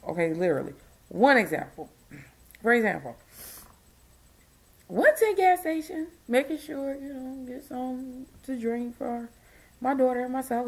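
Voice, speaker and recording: A tired middle-aged woman, a single mom, ranting to her viewers in an exasperated, emphatic way. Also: sits high. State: tired, yawning. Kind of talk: casual ranting vlog.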